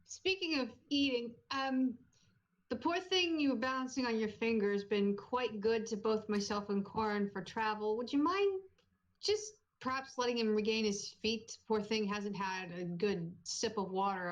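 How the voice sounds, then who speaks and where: A woman player speaking in character in a tabletop game, polite and gently concerned. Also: medium pitch, moderate pace, rough recording. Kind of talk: in-character tabletop role-play.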